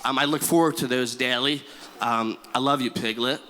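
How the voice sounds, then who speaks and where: Exuberant groom with a bright voice. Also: male voice, medium pitch, steady tone, normal speed. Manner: exuberant, stumbling, calls out to the room. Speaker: groom giving a thank-you speech. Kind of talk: wedding speech. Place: wedding reception hall. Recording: echoey hall with faint ambience.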